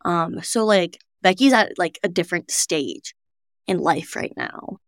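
A woman's voice: fairly low pitch, expressive, dry recording. Chatty young woman, dry close mic. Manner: chatty, fast bursts, frequent "like". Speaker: podcast co-host. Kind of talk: casual chat.

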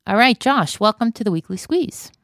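A woman's voice: mid-range voice, expressive, moderate pace, over music. A woman hosting a podcast, talking in a chatty, opinionated way and laughing often. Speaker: podcast host. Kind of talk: casual monologue. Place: Israel.

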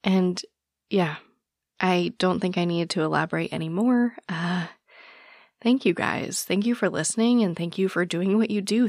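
A young woman hosting a podcast, talking casually and gushing warmly to her listeners. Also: fairly low pitch, normal speed, no room sound, studio quality. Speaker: podcast host.

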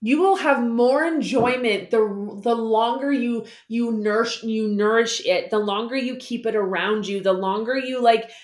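A woman guest explaining money habits in a casual interview, lively and acting out the voices she quotes. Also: on the high side, moderate pace, few pauses, echoey room. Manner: animated, acts out quoted voices.

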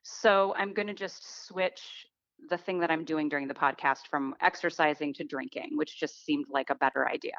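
A woman's voice: low voice, fairly even intonation, moderate pace, a bit bright, dry recording. A woman from New York sending a chatty, joking listener message, recorded dull and lo-fi. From New York, USA. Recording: dull lo-fi dry home recording.

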